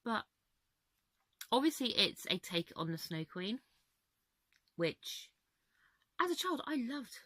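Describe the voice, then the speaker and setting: A woman's voice: on the high side, big pitch swings, slow, pauses often, fairly bright tone, dry recording. A young woman vlogging from home in a casual, rambling, candid way, laughing often, with her voice a little worn. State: voice going. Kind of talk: casual chat to camera.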